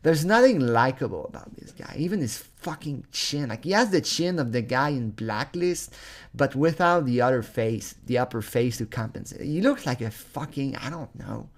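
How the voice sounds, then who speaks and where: A man's voice: medium pitch, animated, normal speed. Man in a swearing, ranting vlog. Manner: angry, swearing, stumbling over words, bursts of laughter. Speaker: vlogger. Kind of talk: profane comedic rant.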